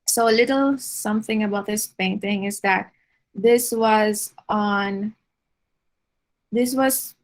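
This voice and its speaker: A woman giving an art lecture over slides, unhurried, with frequent fillers and restarts. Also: mid-range voice, low-quality recording.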